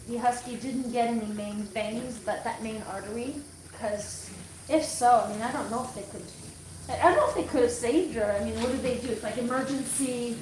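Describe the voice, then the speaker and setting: A woman's voice: on the high side, distant mic, noisy background. A middle-aged woman dog groomer chatting on a livestream, telling a story in a rambling, self-correcting way. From Canada. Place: grooming room. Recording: echoey room, voice off-mic.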